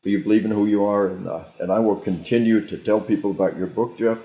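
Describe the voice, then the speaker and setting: The speaker, a guest military trainer, talks fast in a warm, lowish voice with fairly even intonation. In this echoey interview he preaches through his stories emphatically, frequently starting over.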